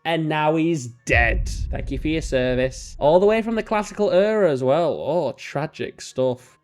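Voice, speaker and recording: A young man, casually commentating his strategy game, chatty and self-mocking, now and then jumping into silly high voices. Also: expressive, unhurried, hardly any pauses, soft background music. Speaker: let's play host.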